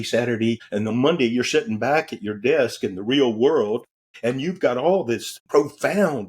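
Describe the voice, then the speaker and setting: Speaking at medium pitch, slightly rough and a bit mellow, a transformational coach guests on a podcast. His storytelling is candid and laid-back, and he doesn't hold back on the swear words.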